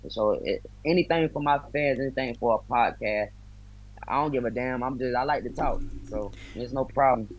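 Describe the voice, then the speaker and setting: A bare-knuckle fighter from the United States joins a video call as a guest, friendly and talkative, using loose slang in a casual interview. He speaks at normal speed with a medium-pitched voice. The recording is low quality, with a little hiss or hum.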